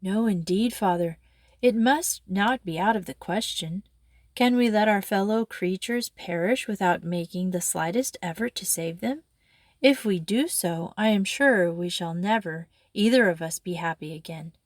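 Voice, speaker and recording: A woman's voice: mid-range voice, normal speed, no echo, lightly acted. A woman voicing an earnest young daughter who pleads urgently. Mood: pleading.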